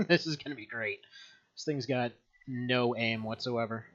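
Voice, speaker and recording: A man's voice: medium pitch, a little slow. Man streaming a game from home, rambly and laughing a lot, slightly muffled mic. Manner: rambling and chatty, laughs often. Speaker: gaming streamer. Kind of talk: casual gameplay commentary.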